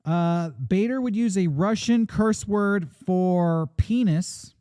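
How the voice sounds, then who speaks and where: In a casual podcast, a male host tells a story in a relaxed, chatty, joking way, packed with fillers. He takes it slowly, his pitch swinging widely, and his voice is clear, resonant, mellow and warm. The recording is dry and close, with no room echo.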